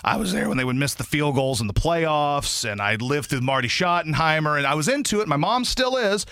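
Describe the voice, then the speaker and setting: Guy filling in on sports radio, ranting and swinging his voice all over, pretty high, dry close mic. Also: a little fast, clean tone, dry recording. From grew up in Baton Rouge, Louisiana. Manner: animated, ranting, mocks fans in high squeaky put-on voices. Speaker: radio fill-in host. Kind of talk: sports talk radio rant. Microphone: studio microphone.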